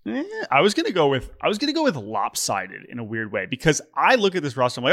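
A man co-hosting a sports talk show in casual conversation. His voice is mid-pitched, and his delivery is wry and halting, full of restarts. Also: sing-song, fairly bright tone. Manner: wry, hesitant, many restarts and fillers. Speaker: podcast co-host.

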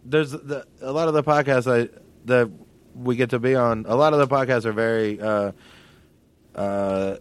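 A man's voice: medium pitch, steady tone, moderate pace, clear, resonant tone. A man, a comedian guest on a podcast, chatting playfully and teasing the host. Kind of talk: casual comedy podcast chat.

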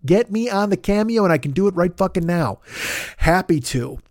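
A hoarse man hosts a podcast, talking in a loose, jokey, profane way as he plugs other shows. His voice sits a bit high for a man. The sound is close and dry, with no room around it. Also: expressive, normal speed, darkish tone, no echo. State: hoarse throat. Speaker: podcast host. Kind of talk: casual podcast plugs and chat.

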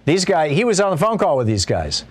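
A man's voice: on the high side, huge pitch swings, a little fast. A man hosting a political talk show, commenting casually with frequent restarts and mocking asides. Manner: conversational, restarts often, mocking quoted voices.

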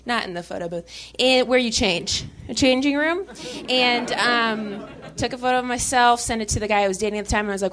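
Halting young woman doing stand-up, noisy club. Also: fairly high pitch. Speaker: stand-up comedian. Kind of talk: stand-up set. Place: comedy club stage.

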